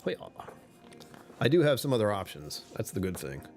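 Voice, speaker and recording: A man's voice: on the low side, very animated, normal speed, a little mellow, faint music behind. A man chatting casually on a live stream, rambling and joking with viewers.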